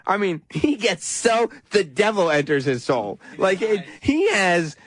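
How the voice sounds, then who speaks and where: A man hosting a talk radio show, recapping a clip in a mocking, animated way with frequent laughs. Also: high voice, unhurried, dry recording. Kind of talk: casual talk radio commentary.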